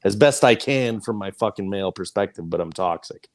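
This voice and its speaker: A man's voice: on the low side, fairly quick. A man, a podcast host, venting emphatically with lots of swearing in casual group talk. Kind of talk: heated casual chat.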